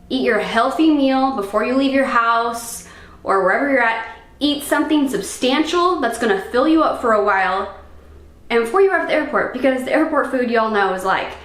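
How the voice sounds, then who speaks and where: Chatty young woman with a higher voice. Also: a bit bright. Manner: chatty and rambling, full of "like" and "um". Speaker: fitness vlogger. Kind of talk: casual vlog chat. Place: room at home. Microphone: camera microphone. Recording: roomy echo.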